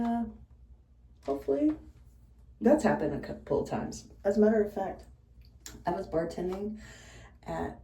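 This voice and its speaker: A woman bartender chats through a storytime as she gets ready, her mellow voice swooping up and down as she tells it bluntly and swears freely. She sits away from the mic in an echoey room of a house, with a faint hiss behind her. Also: fairly low pitch, far from the mic. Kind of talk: casual storytime while doing makeup.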